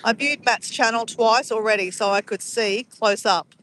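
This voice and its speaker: A woman's voice: a little high, normal speed, a bit bright, slight background noise. A woman streaming live from her phone outdoors at sunrise, chatting casually and reading out viewers' messages. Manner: chatty, greets viewers by name and reads chat aloud.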